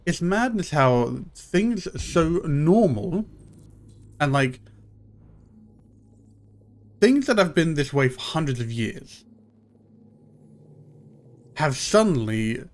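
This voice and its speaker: A man's voice: fairly high pitch, sing-song, takes it slowly, pauses often. Rambling man chatting on stream. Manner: rambling storyteller, many fillers and restarts. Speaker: live streamer. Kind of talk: casual live-stream chat.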